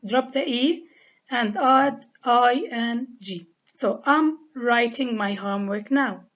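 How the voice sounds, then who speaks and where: Lebanese woman teacher, deliberate and slow, spells words out letter by letter, muffled lo-fi sound. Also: a little high, fairly bright tone. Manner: spells out letters and repeats each rule step by step. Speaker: English teacher. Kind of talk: slow, deliberate grammar lesson. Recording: dull lo-fi recording.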